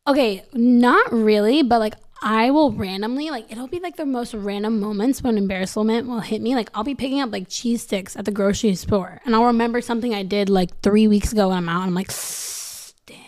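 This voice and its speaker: A young woman with a voice pitched a little high, rattling off a story in loose casual chat. She fills every gap with "like" and jumps into lively impressions of what others said, sounding animated throughout. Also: fairly quick, hardly any pauses. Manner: animated, full of "like", acts out quotes. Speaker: podcast guest.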